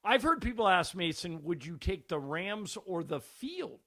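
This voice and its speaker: A man's voice: high voice, unhurried, dry recording, clean studio sound. A man co-hosting a sports radio show, telling stories in casual banter. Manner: animated storyteller.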